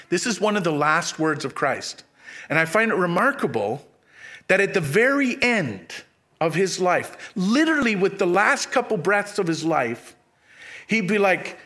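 A man preaching a sermon, acting out quotes with sudden jumps in pitch and dropping to a hushed low voice on key phrases. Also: sing-song, a little slow. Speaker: pastor.

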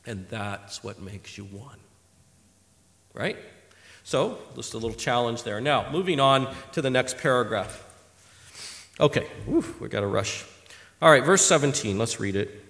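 A man preaching a sermon, animated and emphatic, acting out conversations as he teaches from scripture. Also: medium pitch, unhurried, long pauses. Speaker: preacher teaching a Bible passage. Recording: long reverb of a large hall.

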